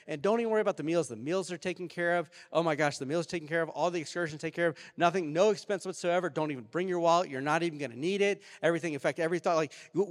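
A man preaches in a lively, animated way, his voice sitting a little high. He rises into loud outbursts and then drops into quiet, reflective stretches. The sound carries the long reverb of a large hall. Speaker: pastor. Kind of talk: sermon. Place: church sanctuary.

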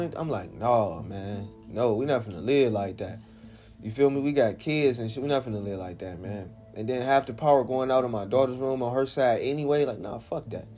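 A man's voice: mid-range voice, moderate pace, darkish tone, soft background music. Slangy, profane man telling a story. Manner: profane, slangy, keeps checking in with the listener. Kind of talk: casual storytelling.

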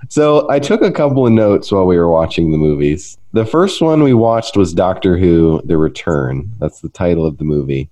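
A young man hosts a relaxed podcast chat, joking at his own expense and breaking into laughter. His voice sits very low and has a mellow, dark tone. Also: moderate pace, few pauses. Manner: laughs often, joking and self-mocking. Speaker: podcast host.

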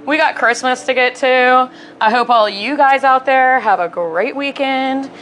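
A woman's voice: high-pitched, unhurried, fairly bright tone, faint music behind. A woman co-hosting a casual kitchen chat, laughing often and swearing freely, from Alaska. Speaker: podcast co-host. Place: home kitchen.

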